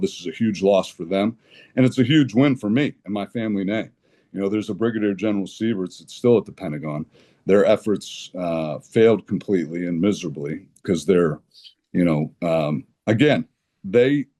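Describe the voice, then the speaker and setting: A man guesting on a podcast, telling an animated, indignant story with blunt language and frequent restarts. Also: fairly low pitch. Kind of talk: conversational podcast interview.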